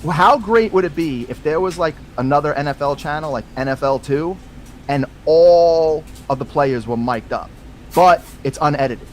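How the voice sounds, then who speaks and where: A man's voice: on the high side, moderate pace, slight background noise, low-quality recording. A man from the United States co-hosting a podcast, ranting with strong opinions about sports coverage. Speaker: podcast co-host. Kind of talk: casual sports chat.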